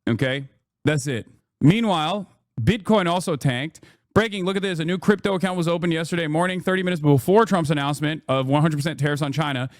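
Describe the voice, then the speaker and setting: A man's voice: fairly high pitch, quick pace, no echo, studio quality. Ranting male streamer, sarcastic and profane. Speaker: political streamer. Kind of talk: casual reaction commentary.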